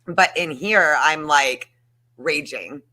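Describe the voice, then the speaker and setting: A woman guest with a bright, forceful voice talks in a casual chat. She is heated and emphatic, and she swears freely. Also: low-pitched, slow pace.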